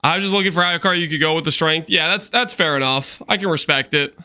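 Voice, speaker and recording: A man streaming a game, chatting with viewers in an animated, teasing way with quick asides. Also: fairly high pitch, clean tone. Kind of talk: livestream chat with viewers.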